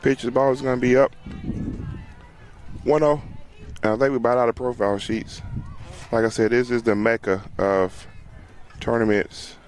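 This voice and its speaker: A man calls a youth softball game from the sideline in a loose, talkative way. He laughs easily, cheers players on by name and talks to the people watching. He is recorded outdoors at the field. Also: mid-range voice, steady tone, moderate pace, long pauses. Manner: chatty, laughs often, talks to viewers and players. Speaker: sideline livestream commentator. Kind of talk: casual play-by-play commentary.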